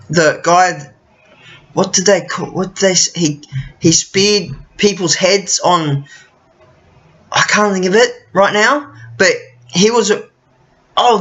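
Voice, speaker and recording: A man rambling in a loose monologue, slow and unhurried, with a pitch that leaps around animatedly. His tone is bright and a little tense, and the lo-fi recording sounds dull. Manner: rambling, loses his thread, swears casually. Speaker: vlogger.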